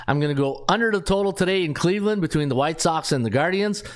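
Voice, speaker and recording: A man's voice: a little high, expressive, fast. A man hosting a sports betting show, running through his picks in a casual way, thinking aloud and reading off stats with lots of fillers.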